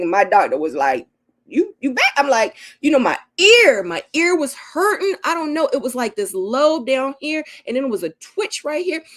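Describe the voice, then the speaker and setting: A middle-aged woman hosting a casual live Q&A and reading viewer comments. She talks in an animated, emotional way. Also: on the low side. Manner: animated and emotional, acts out her own quotes with laughter. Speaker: livestream host.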